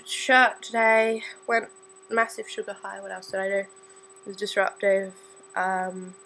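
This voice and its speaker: A student vlogger in her late teens, with an Australian accent, rambles casually into a camera she holds herself, scattered and self-deprecating. Her voice is a little high and a bit bright, and the audio is poor.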